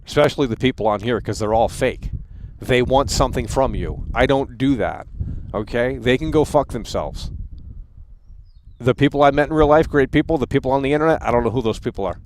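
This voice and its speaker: A man's voice: mid-range voice, brisk, slight background noise. A man in his thirties hosting a live stream, ranting in a heated, profane way and stumbling over repeated words. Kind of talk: angry livestream rant.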